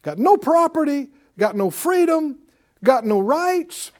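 A man preaching to a Bible class, calling out for responses and swinging between loud and soft. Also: very high voice, sing-song, slow. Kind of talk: lively sermon teaching.

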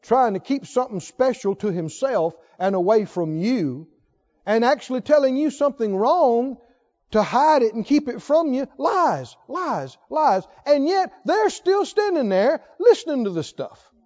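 A male pastor preaching with a very high, lively voice that rises and falls widely. He keeps asking his listeners questions. The recording is dull and lo-fi. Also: measured pace. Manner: emphatic, asks the congregation questions. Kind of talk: sermon.

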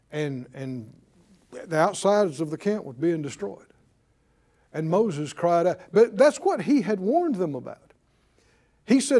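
A man preaching a sermon, asking the congregation questions and acting out everyday complaints. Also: high voice. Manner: animated, rhetorical questions and acted-out complaining.

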